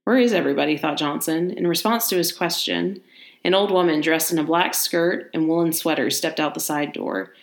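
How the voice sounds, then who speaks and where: A woman reading a short story aloud in a relaxed manner. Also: low voice, moderate pace. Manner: relaxed, laughs easily between passages.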